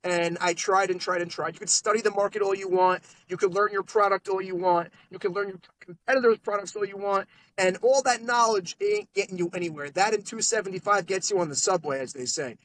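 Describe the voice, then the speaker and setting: A man, a podcast guest telling sales stories in a lively, animated way. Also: high voice, rough recording. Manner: animated salesman storytelling, quick asides. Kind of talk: casual storytelling interview. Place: podcast studio.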